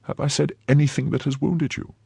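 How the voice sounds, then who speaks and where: A man's voice: fairly high pitch, level tone, fairly quick, creaky, warm tone, slightly rough, dry recording, clean studio sound, voice pushed up. A man voicing a young, trusting and lovesick novice nun in a raised, earnest tone. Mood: anxious.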